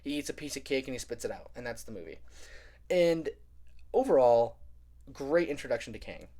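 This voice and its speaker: A man's voice: mid-range voice, a little fast. Young male reviewer, casual talky recap, lots of "like", mid-range voice. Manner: rambling, heavy use of "like", animated retelling. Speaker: film reviewer.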